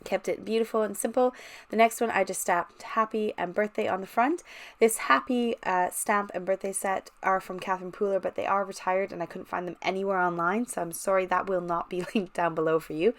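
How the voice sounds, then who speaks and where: A woman's voice: medium pitch, steady tone, a little fast. A woman hosting a casual card-making tutorial, talking chattily and enthusiastically straight to the viewer as she shows her work. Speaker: card-making channel host. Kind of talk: casual craft tutorial walkthrough.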